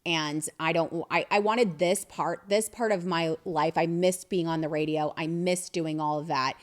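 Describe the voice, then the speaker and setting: Chatty, slightly low-voiced woman host. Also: fairly even intonation, moderate pace. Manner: chatty, laughs often, self-deprecating. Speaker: podcast host. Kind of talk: casual podcast chat.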